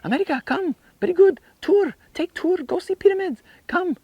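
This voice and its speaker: A man's voice: very high-pitched, expressive, moderate pace, darkish tone, no echo, voice pushed up. A man imitating an eager Egyptian tour guide with an Egyptian accent, speaking broken English in a pushy, upbeat way.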